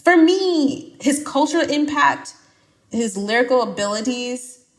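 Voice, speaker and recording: A woman's voice: high voice, lively intonation, a little slow. A young woman from Atlanta, a podcast guest chatting casually and emphatically, laughing often as she gives strong opinions. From Atlanta, United States.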